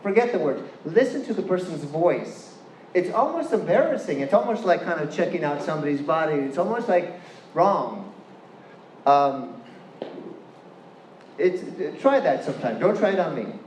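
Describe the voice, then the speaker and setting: A man's voice: on the high side, big pitch swings, moderate pace, darkish tone, slight background noise. Chatty man with a Californian accent. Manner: chatty, playful, asks the audience questions. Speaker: guest lecturer. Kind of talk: university lecture to an audience. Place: lecture hall. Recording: echoey hall with faint room ambience.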